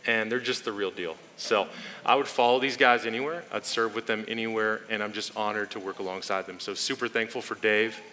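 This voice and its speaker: Bright-voiced man addressing a church. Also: on the low side, steady tone, fairly quick, slight background noise. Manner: earnest, thankful, speaks to the congregation. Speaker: pastor.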